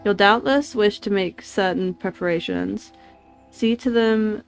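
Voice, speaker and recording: A woman's voice: medium pitch, a little slow, faint music behind, lightly acted. A woman reading out the lines of a formal male game character with an accent, in stately old-fashioned speech. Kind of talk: reading game dialogue aloud.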